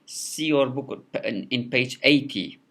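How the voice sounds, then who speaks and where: Slow, halting male teacher. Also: medium pitch, sharp tone. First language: Kurdish. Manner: halting, many repeated words and fillers. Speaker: English teacher. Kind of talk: recorded lecture.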